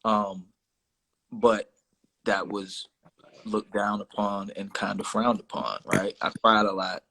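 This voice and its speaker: Bright-voiced man talking openly. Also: on the low side, steady tone, slow pace, vocal fry, husky, poor audio. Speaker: interview guest. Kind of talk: casual conversation.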